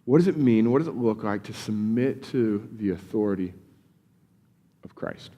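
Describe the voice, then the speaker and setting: A man's voice: on the low side, animated, normal speed, dark tone, in a large hall. A male pastor giving a casual, conversational sermon in a church, often repeating words as he starts sentences. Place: church sanctuary.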